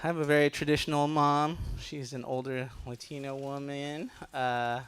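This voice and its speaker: A middle-aged man from Los Angeles doing a lively stand-up comedy set at a benefit show. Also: mid-range voice, normal speed, clean tone. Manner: animated, loud comic impressions of relatives.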